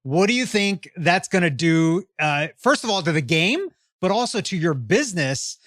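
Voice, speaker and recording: A man's voice: high voice, sing-song, moderate pace, a bit bright, no echo, clean studio sound. A middle-aged man hosting a podcast, asking long, friendly framing questions and affirming often. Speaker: podcast host. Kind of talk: interviewing.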